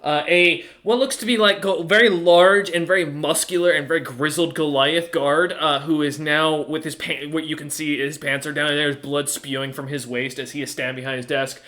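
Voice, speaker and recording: Bright-voiced man narrating a tabletop game. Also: a little high, steady tone, moderate pace, hardly any pauses. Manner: casual, hesitant, lots of fillers. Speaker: game master.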